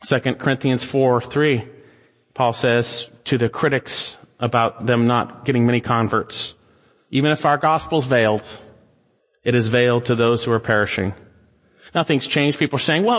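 A pastor preaching a sermon, swinging between raised urgency and hushed pleading, reading scripture slowly and solemnly. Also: male voice, medium pitch. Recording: long hall reverb.

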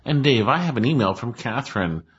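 A man's voice: medium pitch, lively intonation, brisk. A male pastor talking in a radio studio, answering listener mail earnestly, on a dull lo-fi recording. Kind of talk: radio program chat.

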